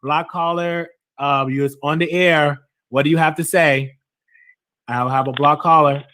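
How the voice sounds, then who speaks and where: A man's voice: on the high side, fairly even intonation, a little slow, bright, forceful tone. Casual male call-in radio host. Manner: casual, repeats caller numbers aloud. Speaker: radio talk host taking callers.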